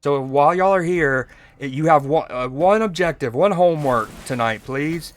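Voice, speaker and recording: A man's voice: fairly high pitch, lively intonation, moderate pace, soft background music. A man from Georgia, casually chatting with viewers and joking while he streams a card game. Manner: laid-back, joking, chatting with chat while playing. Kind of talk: casual live-stream chat.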